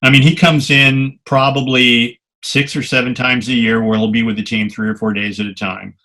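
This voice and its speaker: Older man, bright animated storyteller. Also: mid-range voice, moderate pace. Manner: animated anecdotes, salty language. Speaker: guest photographer. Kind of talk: storytelling interview.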